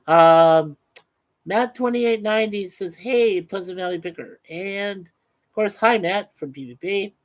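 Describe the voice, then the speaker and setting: A man's voice: high voice, measured pace, rough recording. A man hosting a casual live stream, chatting loosely with many fillers and reading out viewer comments.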